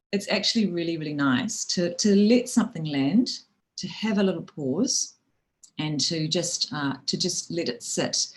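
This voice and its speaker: A woman's voice: low-pitched, poor audio. A woman with a New Zealand accent giving practical, friendly advice on public speaking, often restarting phrases and adding "you know". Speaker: speaking coach. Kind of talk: instructional talk on public speaking.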